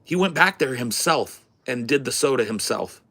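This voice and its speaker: A man telling a story in a casual, animated, profane way as a podcast host. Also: medium pitch, normal speed. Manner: animated, profane, swears freely.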